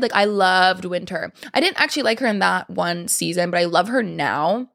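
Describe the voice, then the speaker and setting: A woman's voice: mid-range voice, fairly quick, creaky, few pauses, a bit bright. A young woman hosting a casual monologue, talking in a chatty, rambling way with lots of fillers. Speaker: podcast host.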